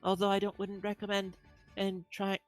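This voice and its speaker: A woman voicing a cursed young adventurer who cannot feel anything, quiet and resigned. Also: mid-range voice, completely flat delivery, moderate pace, soft background music, close to an everyday voice.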